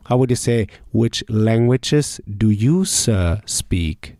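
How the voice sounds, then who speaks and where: A man teaching German verbs, asking each question, pausing, then saying the answer slowly and clearly. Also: lowish voice, lively intonation, warm tone, no room sound, clean studio sound. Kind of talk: slow drill lesson.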